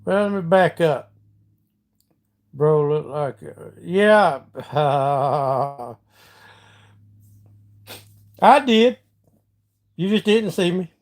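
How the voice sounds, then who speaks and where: A middle-aged Georgia man with a Southern accent hosts a casual live stream, chatting with viewers in a folksy way and reading out and answering their comments. His voice is high, and he talks slowly, pausing often.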